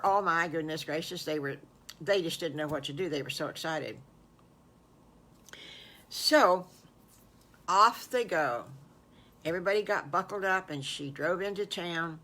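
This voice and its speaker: An older woman, a grandmother, telling an improvised children's story in a warm, folksy, exclaiming way. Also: deep voice, lively intonation, measured pace, pauses often.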